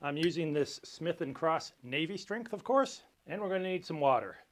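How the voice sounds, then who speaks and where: Male cocktail host, slightly high voice, dry jokey explainer. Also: animated, moderate pace, slight background noise. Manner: dry, lightly joking explainer. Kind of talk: casual cocktail tutorial.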